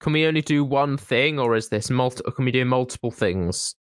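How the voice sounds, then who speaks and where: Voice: medium pitch, a little fast, clean tone, no room sound. Podcast cohost ribbing their mate, laughs a lot, dry close sound. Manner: teasing, mocking, laughs often. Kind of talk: casual comedic chat.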